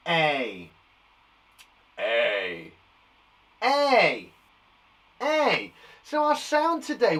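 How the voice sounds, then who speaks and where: Upbeat man as a kids' teacher, slightly high voice with a very lively pitch, full of encouragement. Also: poor audio. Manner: enthusiastic and encouraging. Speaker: primary school teacher. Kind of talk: live online lesson for young children. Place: garden shed.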